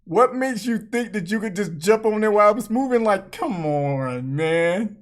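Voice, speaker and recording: A woman hosting a reaction video, talking through clips with frequent laughter and loud exclamations. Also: medium pitch, lively intonation, moderate pace. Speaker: channel host.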